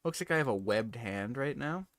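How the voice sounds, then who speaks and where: A man's voice: mid-range voice, animated, normal speed, dry recording, clean studio sound. A man chatting casually on a live stream while editing photos, giggly and self-mocking.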